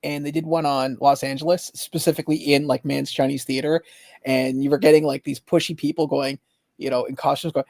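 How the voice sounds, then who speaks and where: A man's voice: mid-range voice, flat delivery, brisk, vocal fry, a little mellow, no room sound. A man co-hosting a casual livestream chat, joking and laughing a lot as he tells stories. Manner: jokey, laughs often, puts on funny voices in anecdotes. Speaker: livestream co-host.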